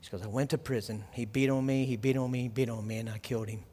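A man preaching a sermon as pastor, telling a story quietly and then building to loud, fervent preaching. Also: mid-range voice, steady tone, fast talker, in a large hall, slight background noise.

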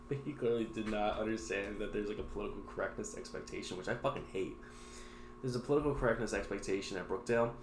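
A man's voice: lowish voice, quick pace, background noise. A young man co-hosting a podcast, telling stories casually and swearing freely. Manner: crude, storytelling, swears freely. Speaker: podcast co-host. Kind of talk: casual chat. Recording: echoey room.

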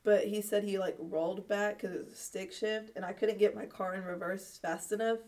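A woman's voice: medium pitch, fairly even intonation, a little fast, a little mellow. A young woman tells a long, rambling story in a casual chat, with plenty of fillers and bursts of laughter. She sits a little back from the microphone, so her voice sounds slightly distant. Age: young adult. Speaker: guest.

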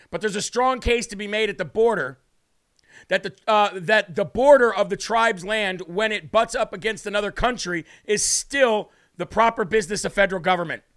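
A man's voice: high-pitched, a bit bright, clean tone. A man hosting a live political commentary show, emphatic and sarcastic, firing rhetorical questions at viewers. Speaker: host.

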